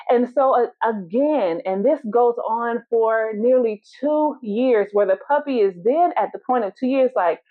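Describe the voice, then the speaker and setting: Woman podcast host, encouraging, storytelling, fairly high voice, tinny phone-like sound. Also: unhurried, few pauses. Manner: encouraging, storytelling, direct address. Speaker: podcast host and law firm owner. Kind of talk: casual motivational solo podcast.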